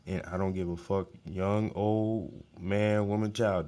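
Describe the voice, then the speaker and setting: A man with a low, deep voice talks in a loose, casual monologue. He is blunt and swears constantly, circling back on words to hammer a point home. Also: normal speed, hardly any pauses, darkish tone. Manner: profane, blunt, emphatic, repeats words. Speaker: host.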